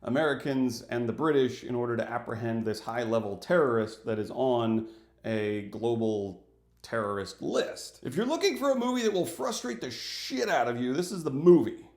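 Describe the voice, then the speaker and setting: A man giving a casual film review for his channel, animated and acting out little scenes as he talks. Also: medium pitch, moderate pace. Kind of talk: casual movie review vlog. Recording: echoey room.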